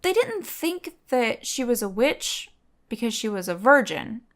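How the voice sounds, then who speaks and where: A woman's voice: on the high side, very animated, measured pace. A woman co-hosting a podcast, chattily telling a history story with lots of digressions. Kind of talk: casual chat.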